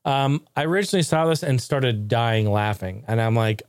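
A man's voice: medium pitch, moderate pace, smooth. A man hosting a casual tech talk show, swearing freely, laughing often and rambling animatedly.

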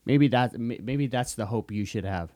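A man co-hosting a podcast in casual banter, blunt and profane, quick to dismiss things. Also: medium pitch, darkish tone, no room sound, clean studio sound. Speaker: podcast co-host.

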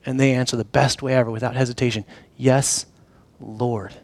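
A man preaching a sermon in a casual, animated storytelling way, sometimes dropping to a soft, intimate low voice. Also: rapid-fire, dry recording. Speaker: pastor.

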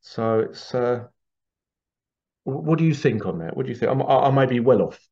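A man's voice: mid-range voice, animated, normal speed, dark tone, highs cut off. A man hosting a spiritual podcast, talking in a rambling, opinionated way and acting out quoted people. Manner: rambling, opinionated, acts out quotes in little voices. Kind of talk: casual monologue.

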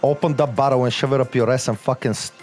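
A man's voice: medium pitch, fairly even intonation, quick pace, a little mellow, soft background music. A man co-hosting a live show who jokes crudely with the others. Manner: crude, joking. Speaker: co-host. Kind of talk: crude casual banter.

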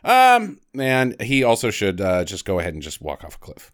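Sarcastic man with a lively voice. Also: lowish voice, moderate pace, clear, resonant tone, no echo, studio quality. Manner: sarcastic, jumps into quoted voices. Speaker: podcast co-host. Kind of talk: casual movie review chat.

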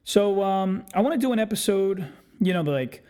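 A man's voice: high-pitched, animated, normal speed, warm tone, smooth. A young man hosting a podcast, chatting casually in a rambling, profane, self-deprecating way. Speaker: podcast host. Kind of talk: casual solo podcast chat.

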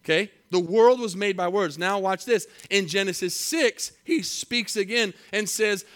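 A man preaching a sermon, reading scripture slowly and with emphasis, then telling a story in a conversational way. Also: high-pitched, a bit bright, clear, resonant tone. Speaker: pastor.

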